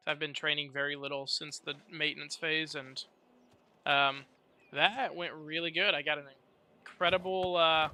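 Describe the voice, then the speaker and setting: A man's voice: fairly high pitch, fairly even intonation, moderate pace, bright, forceful tone. A man streaming a fantasy game, chatting casually and swearing hard at enemies. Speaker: gaming streamer. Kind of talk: live gameplay commentary. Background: game music.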